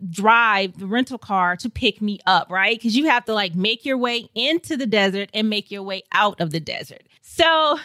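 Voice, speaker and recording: A woman from St. Louis, Missouri, telling a travel story as a podcast guest in a lively, laughing way. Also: mid-range voice, moderate pace, few pauses, no room sound. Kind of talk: casual storytelling.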